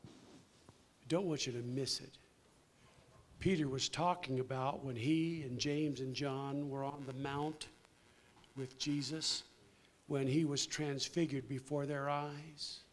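An older man preaching slowly and emphatically, answering questions and rising in force on key points. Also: medium pitch, slight background noise.

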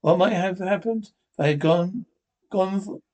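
An actor playing an anxious, earnest middle-aged husband in a 1950s radio drama. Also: male voice, sits high, measured pace, darkish tone. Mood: relieved. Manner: earnest, rattled.

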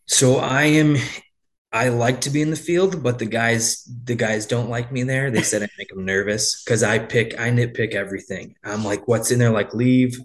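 A man with a mid-range, fairly bright voice speaks at a moderate pace. He owns a landscaping business and tells stories in a casual interview, rambling and restarting often while quoting back-and-forth dialogue.

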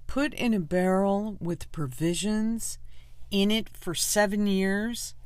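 Woman, podcast host, chatty, slow pace, dry sound, faint music. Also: medium pitch, darkish tone, dry recording. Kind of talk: casual commentary.

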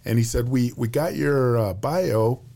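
A man in his fifties, a retiring Air Force general, telling stories in a relaxed, chatty way with lots of fillers and restarts. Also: mid-range voice, measured pace, creaky. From United States. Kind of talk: casual storytelling interview.

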